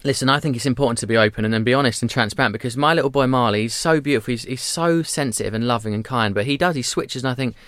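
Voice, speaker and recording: A man's voice: mid-range voice, clear, resonant tone, dry recording, clean studio sound. A man in his thirties, chatting candidly as a podcast guest and acting out little voices as he tells stories. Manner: animated storyteller, quick, acts out voices. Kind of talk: candid conversational chat.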